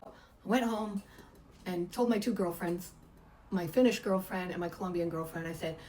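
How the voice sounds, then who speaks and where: A woman's voice: fairly low pitch, fairly even intonation, normal speed, a little mellow, a little hiss or hum, rough recording. A middle-aged woman, a massage therapist, chattily telling a personal story and acting out the voices she quotes. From United States.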